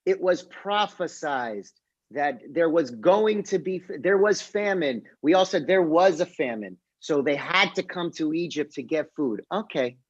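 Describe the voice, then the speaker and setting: A young man, a rabbi, teaching a casual online class and retelling a story in a joking, lively way. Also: a little high, a little slow, muffled recording. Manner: lively, jokey retelling with voiced characters. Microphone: video call.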